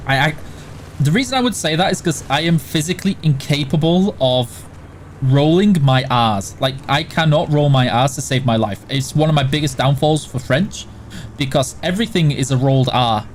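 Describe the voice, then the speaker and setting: A man with a Yorkshire accent, from near Barnsley in England, hosts a game livestream, chatting casually and answering viewer questions while he plays. His fairly high voice is animated, at a moderate pace, and he rambles with many restarts over slight background noise.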